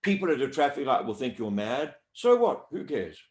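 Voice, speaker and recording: Man, voice coach, lively swinging pitch, echoey room, demonstrative interview talk. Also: moderate pace. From South Africa. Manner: animated, demonstrative. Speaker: voice-over coach.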